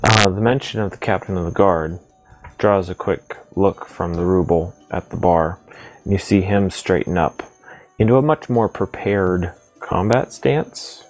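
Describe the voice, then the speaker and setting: A man narrating as game master of a tabletop game, describing scenes slowly with frequent fillers. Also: sits low, a little mellow, faint music behind, rough recording. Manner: slow, descriptive, many fillers.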